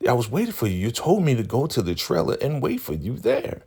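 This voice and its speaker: A man's voice: mid-range voice, huge pitch swings, a little fast, gravelly, mellow, slightly rough, voice pushed up, full character voice. A man voicing a sleazy male schemer who whines and insists on his excuse. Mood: insistent.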